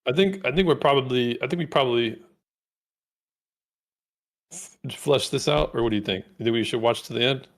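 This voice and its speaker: A man's voice: mid-range voice, fairly quick, long pauses. A man co-hosting a casual chat, giving blunt, opinionated commentary on a video. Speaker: co-host reacting to a video.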